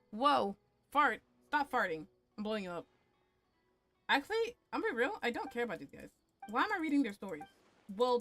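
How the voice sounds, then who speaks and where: A woman's voice: a little high, a bit bright. A woman streaming a game, chatting casually with crude, playful jokes and talking to herself. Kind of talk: casual gaming commentary.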